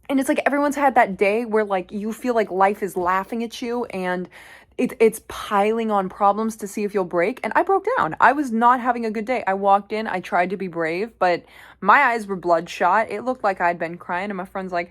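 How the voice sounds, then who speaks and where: A young woman vlogger telling a personal story in a candid, animated way, with casual swearing. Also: mid-range voice, normal speed.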